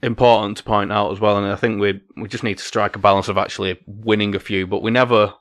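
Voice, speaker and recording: A man's voice: lowish voice, level tone, fast, dry recording, clean studio sound. A man co-hosting a football podcast, chatting casually with many tag questions. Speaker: podcast co-host.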